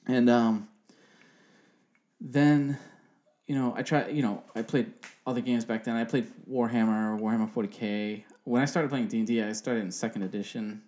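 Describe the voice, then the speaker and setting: A man's voice: mid-range voice, steady tone, moderate pace, a little mellow. A man in his thirties, co-hosting a podcast, chatting in a rambling, casual way and swearing freely. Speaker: podcast co-host. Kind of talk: casual chat.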